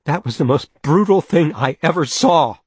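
A fierce young woman in an audiobook, sharp and accusing, her voice raised and a little husky, as a male narrator puts her on. The reading is dry and close, with no room around it. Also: medium pitch, moderate pace, no room sound, lightly acted. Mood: angry, accusing. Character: young woman, furious and indignant.

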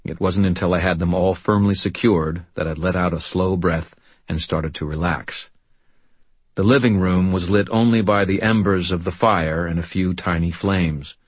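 A man reads a first-person audiobook in a steady, understated delivery. His voice sits very low and carries a husky grain. The sound is close and dry, with no room echo. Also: moderate pace. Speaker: audiobook narrator.

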